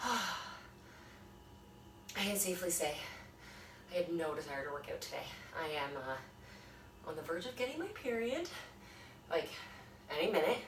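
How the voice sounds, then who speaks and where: In an echoey room with background noise, a distant phone camera captures a woman teaching a home workout class as she chats and cheers viewers on between breaths. This fitness instructor speaks with a fairly low pitch and big swings in it, at a measured pace with frequent pauses.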